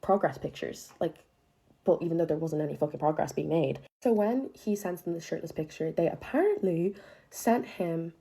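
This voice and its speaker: Young woman doing a storytime, low mellow voice, swears a ton, super dramatic. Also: moderate pace, vocal fry. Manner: expressive, profanity-heavy, dramatic retelling with bursts of emphasis. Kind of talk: storytime monologue.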